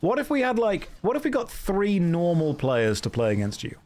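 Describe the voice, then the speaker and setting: A man's voice: high voice, wildly swooping pitch, normal speed, a little mellow. A man in his thirties chatting casually and joking with his chat while streaming a game. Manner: joking, self-mocking storyteller reacting to chat.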